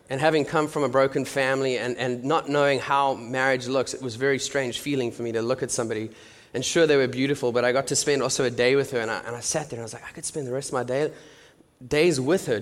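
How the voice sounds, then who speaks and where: A man in his thirties giving a conversational sermon testimony with jokey asides and frequent restarts, dropping to a soft hush at intimate moments. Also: medium pitch. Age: 30s. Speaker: church speaker sharing his testimony. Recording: long reverb from a large hall.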